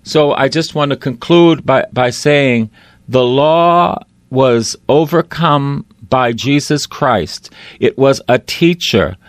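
A man preaching a sermon, slow and emphatic, often repeating phrases for weight. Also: medium pitch, dry recording, clean studio sound.

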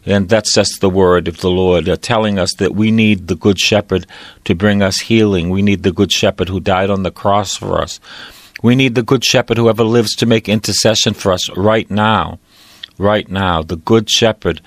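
A man's voice: lowish voice, fairly even intonation, normal speed, dry recording. A middle-aged man preaches in the rolling, repetitive cadence of a priest's sermon, pressing each point home with emphasis. The recording is dry and close, with no room sound.

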